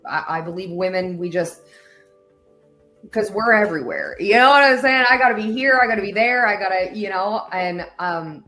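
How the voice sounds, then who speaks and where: A woman hosting a talk show, speaking earnestly and emotionally with many pauses and fillers. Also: mid-range voice, lively intonation, bright, forceful tone, faint music behind. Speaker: host. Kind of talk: heartfelt casual talk show chat.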